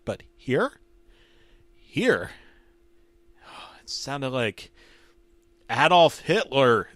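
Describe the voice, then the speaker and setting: A man narrating a comedic creepypasta in a deadpan, mock-serious horror tone. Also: medium pitch, no room sound.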